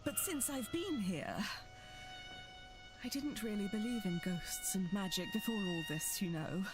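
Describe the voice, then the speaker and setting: A woman voicing a bitter widow haunted by her dead husband in a video game, speaking in a slow, measured, brooding way. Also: medium pitch, lightly acted. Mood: resolved. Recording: game audio with music behind.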